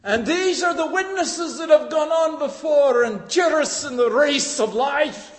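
An older man preaching a sermon with passion, swinging from hushed tones to shouts. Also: very high voice, unhurried, long reverb tail.

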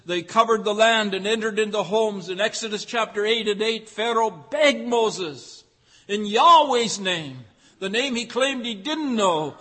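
Brief: male pastor with a high voice, measured, rhetorical sermon delivery in a reverberant church. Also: pushed and bright. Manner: deliberate, rhetorical, repeats phrases for emphasis.

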